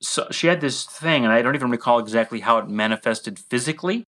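Middle-aged male podcast co-host; rambling, self-deprecating storyteller with mid-range pitch. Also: quick pace, sharp tone.

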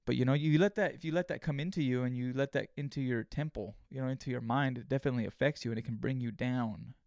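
A man's voice: medium pitch, fast talker, vocal fry, a little mellow, dry recording, studio quality. A man hosting a solo podcast, talking in a casual, rambling way with lots of swearing, fillers and restarts. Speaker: podcast host.

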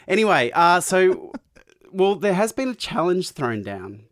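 A man's voice: sits high, sing-song, unhurried, a bit bright, no echo. Man in dry podcast chat. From Australia. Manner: joking, laughs often. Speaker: podcast co-host. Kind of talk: casual chat.

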